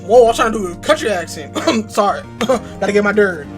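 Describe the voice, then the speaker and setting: A woman streaming a game with loud, crude, laughing commentary over game music. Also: medium pitch, expressive, moderate pace. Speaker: gaming streamer. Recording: game music playing behind.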